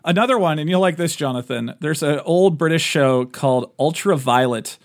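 A man's voice: fairly high pitch, normal speed. A man hosting a casual podcast chat, eagerly recommending shows to his co-hosts. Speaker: podcast host and game master.

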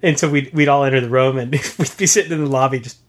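A man co-hosting a podcast in casual chat, quick with jokes and laughing often. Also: mid-range voice. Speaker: podcast co-host.

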